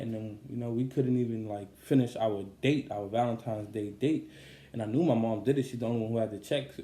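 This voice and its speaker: Young man telling a story, mellow voice, echoey room. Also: mid-range voice. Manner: conversational, many fillers, animated when upset. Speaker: podcast host and songwriter. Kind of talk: casual storytelling monologue.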